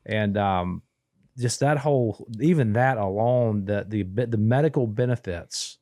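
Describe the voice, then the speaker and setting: Low-voiced rambling man. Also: measured pace, dark tone, no echo, studio quality. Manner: rambling, many restarts and quoted dialogue. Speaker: guest telling a family story. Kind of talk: casual podcast storytelling.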